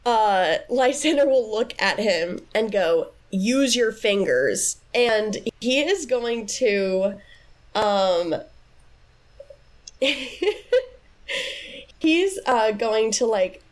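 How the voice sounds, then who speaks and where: A woman's voice: on the high side, expressive, drawn-out words, long pauses. A woman playing a tabletop role-playing game, describing her character's actions with many likes and ums. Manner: hesitant, full of likes and ums, laughing. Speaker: player.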